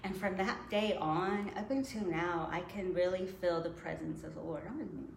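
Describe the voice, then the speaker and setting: A woman's fairly low, creaky voice carries her personal faith story at a moderate pace as a guest in casual conversation. She laughs a lot and acts out thoughts she once had, in an echoey room with faint noise.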